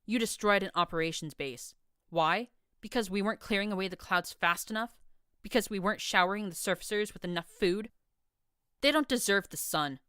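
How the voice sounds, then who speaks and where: A woman's voice: mid-range voice, brisk, fairly bright tone, clean tone, no echo, clean studio sound, lightly acted. A woman reading a furious, proud pegasus mare soldier in an audiobook, with a harsh, accusing manner.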